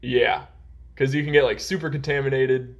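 A man's voice: medium pitch, steady tone, normal speed. A young man telling a long work story in casual podcast chat, rambling with lots of "like" and "um". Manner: rambling, heavy use of "like" and "um". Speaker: podcast co-host.

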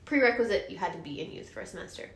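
A woman's voice: medium pitch, animated, racing, creaky, a little hiss or hum. A young woman from Texas telling a funny story in casual chat, upbeat, in short clipped phrases. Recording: echoey room.

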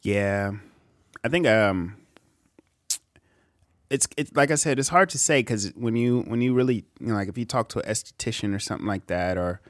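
A man co-hosting a casual podcast chat, easygoing, filling his talk with "you know", and trailing off quietly. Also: fairly low pitch, normal speed, no room sound, clean studio sound.

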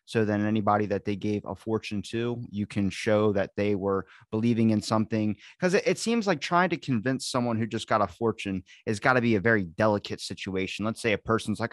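A male podcast host from the southern United States with a fairly low voice. He rambles through his questions and breaks them up with jokes. The sound is dry and close, with no room echo. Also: animated, quick pace, hardly any pauses. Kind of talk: casual podcast interview.

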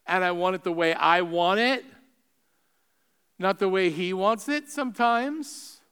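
A man preaching a sermon as pastor, building to impassioned peaks and dropping to soft, pleading appeals. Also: sits high, smooth. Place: church sanctuary. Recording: long hall reverb.

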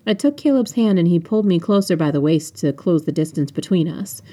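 Woman author narrating own audiobook, lowish voice, casual. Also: lively intonation, brisk, dark tone. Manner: casual narration with offhand asides. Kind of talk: unedited first-person audiobook narration.

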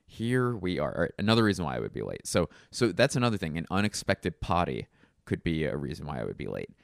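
Deep gravelly rambling comedian. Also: male voice, very animated, fast talker, no room sound, studio quality. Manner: wry, digressive, self-mocking. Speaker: comedian and podcast host. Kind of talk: rambling solo comedy podcast.

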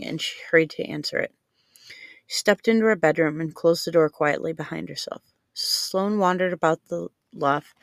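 Woman reading her novel aloud, even and unhurried, dry close sound. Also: sits low, no room sound. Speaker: audiobook narrator. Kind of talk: scripted narration.

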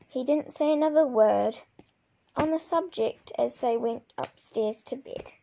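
Woman reading a book aloud, mellow and gravelly, stumbles and restarts. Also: high voice, measured pace. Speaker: reader.

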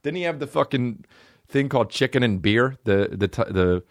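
Lively, swearing comedy podcast guy. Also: mid-range voice, normal speed. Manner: rambling, profane, jokey. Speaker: podcast host. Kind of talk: casual comedy podcast riffing.

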